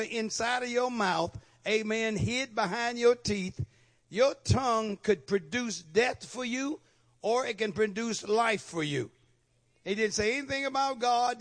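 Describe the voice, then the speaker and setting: High-pitched preacher guy in church, keeps asking the crowd are you with me. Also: a bit bright. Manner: call-and-response preaching, rhythmic repetition. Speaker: pastor. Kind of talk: sermon.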